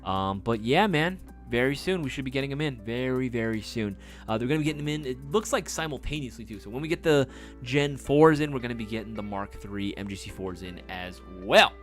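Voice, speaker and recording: A man's voice: medium pitch, animated, fairly quick, a bit bright, soft background music. A man hosting a casual livestream, chatty and hyped, reading viewer comments aloud and swearing casually. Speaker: livestream host.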